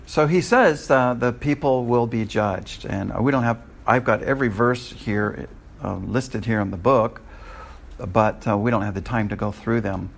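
Gravelly-voiced older man teaching scripture. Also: medium pitch, unhurried. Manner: conversational, with frequent restarts. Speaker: Bible teacher. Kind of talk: Bible study sermon.

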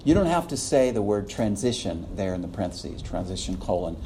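A man lecturing a class, his pitch rising and falling in a lively way. His voice is mellow and warm. He chuckles often and acts out little quotes, with a faint room hum behind him. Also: fairly quick. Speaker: preaching instructor.

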